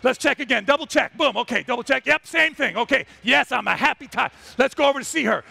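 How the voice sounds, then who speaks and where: A man's voice: very high-pitched, animated, fast talker, creaky, sharp tone, no echo, exaggerated voice. A man voicing a boastful male lion who brags and flirts with a lioness during a talk. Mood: swaggering. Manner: bragging, coaxing.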